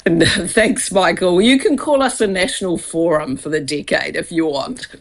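A woman's voice: fairly low pitch, moderate pace. A woman who heads a charity, answering a radio host's questions in a friendly, easygoing way. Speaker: radio guest, charity chief executive. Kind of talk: radio interview.

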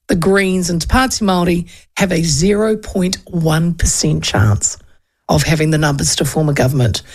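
Gravelly New Zealand woman in her fifties. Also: medium pitch. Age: 50s. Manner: chatty and rambling, trails off into asides. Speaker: radio talk show host. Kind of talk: casual political commentary.

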